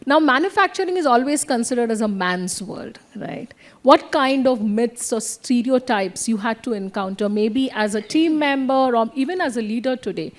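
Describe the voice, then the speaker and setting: A woman's voice: fairly high pitch, lively intonation, moderate pace. A woman moderating a fireside chat, asking guests questions and often ending with a tag like "right?". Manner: asks questions, tags with "right?". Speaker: interviewer, moderator.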